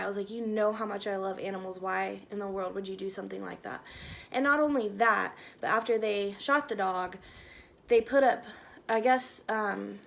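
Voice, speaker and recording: A woman's voice: medium pitch, creaky, slight background noise. A woman vlogger telling a personal story in a casual, rambling way, with fillers and self-corrections.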